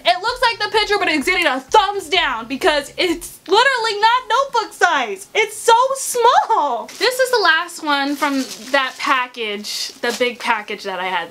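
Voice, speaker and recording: A young woman vlogger giving a casual unboxing review, animated and swinging between excitement and exasperation. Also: very high voice, a little hiss or hum.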